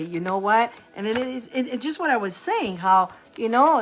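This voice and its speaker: A woman's voice: fairly high pitch, expressive, moderate pace, hardly any pauses. A woman from Italy hosting a live tarot stream, chatting casually with viewers, laughing often and greeting them by name.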